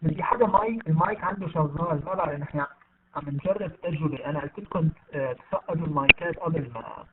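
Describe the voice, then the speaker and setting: A man's voice: on the high side, rapid-fire, far from the mic, very noisy. A man teaching English in an online class, patiently calling on students by name and repeating words for them. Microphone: online video call. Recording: tinny phone-like online call audio.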